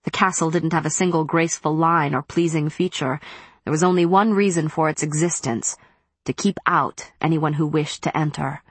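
A woman reading a first-person story aloud as an audiobook narrator, in a measured, steady way. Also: deep voice, slightly rough, no echo.

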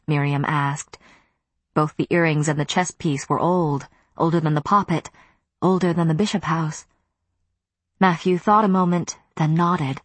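A woman reading an audiobook in measured scripted narration. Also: low-pitched, steady tone, no room sound.

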